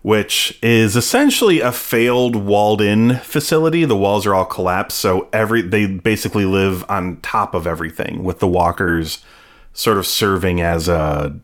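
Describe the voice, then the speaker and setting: A man with a notably deep, low-pitched voice recaps an episode at a moderate pace in a relaxed podcast chat. His casual talk rambles with plenty of fillers and playful asides.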